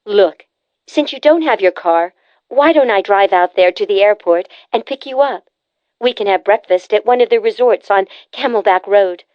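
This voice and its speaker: Brisk, pushy adult sister in an audiobook, voiced by the female narrator; slightly muffled, dull recording. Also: mid-range voice, expressive, no room sound, lightly acted. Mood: breezy, insistent. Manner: pushy, bossy, teasing. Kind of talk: audiobook character voice.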